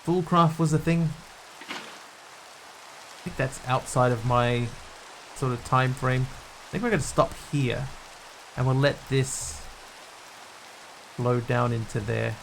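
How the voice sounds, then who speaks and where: A man's voice: medium pitch, slow pace, creaky, long pauses, a little hiss or hum. Man streaming, thinking aloud to chat. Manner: thinks aloud while building, answering viewers' chat. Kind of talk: casual live game-stream commentary.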